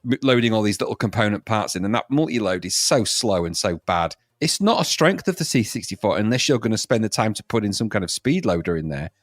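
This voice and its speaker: A man's voice: fairly low pitch, big pitch swings, fast talker, few pauses, dry recording, clean studio sound. A man co-hosting a casual retro game review chat, talking in an emphatic, grumbling way and repeating "no, no, no". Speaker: podcast co-host.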